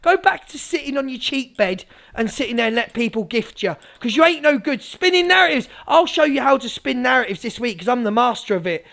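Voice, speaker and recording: A combative woman ranting on her livestream, sarcastic and full of swearing. Her voice sits high for a woman and she jumps between cutting jabs and retorts. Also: lively intonation, brisk, gravelly, fairly bright tone. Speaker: live streamer. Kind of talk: livestream rant.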